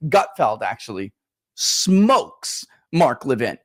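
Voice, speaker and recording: A man's voice: mid-range voice, sing-song, slow pace. A man giving political commentary in conversation, pressing his points with earnest emphasis.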